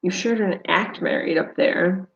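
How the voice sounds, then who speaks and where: Woman reading leering drunk man, sneering, pushy, gravelly, dull lo-fi sound. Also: lowish voice, unhurried.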